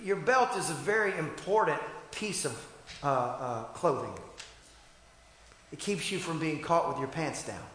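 A man preaching a sermon as pastor, leading call-and-response and swinging from shouted peaks to quiet asides. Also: fairly high pitch, expressive, measured pace, a little hiss or hum. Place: church sanctuary. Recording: echoey church hall.

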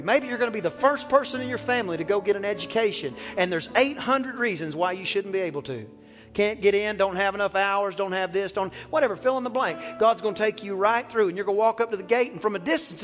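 A man preaches with fervor in a high, ringing voice, pushing toward shouts and calling for the crowd to repeat after him. His words hang in a long church reverb, and soft music plays underneath. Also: lively intonation, quick pace. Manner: fervent preaching, rising to shouts, calls for congregation responses. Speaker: pastor. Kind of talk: sermon. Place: church sanctuary.

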